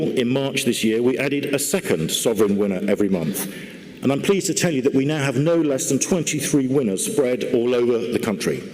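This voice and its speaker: A man giving a conference report from a podium, measured and deliberate, with dry humour. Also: medium pitch, darkish tone. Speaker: party lottery organiser giving a conference report. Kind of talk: conference speech. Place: large church hall used for a conference. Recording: long hall reverb.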